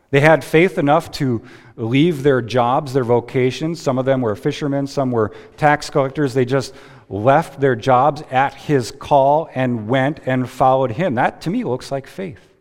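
A man preaching a sermon as a pastor, slow and deliberate with dramatic pauses, heard in a church sanctuary. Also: medium pitch. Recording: long reverb of a church hall.

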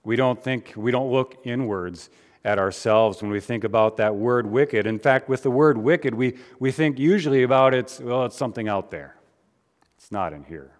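A pastor giving a conversational sermon, with frequent fillers and restarts. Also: male voice, mid-range voice, normal speed, in a large hall.

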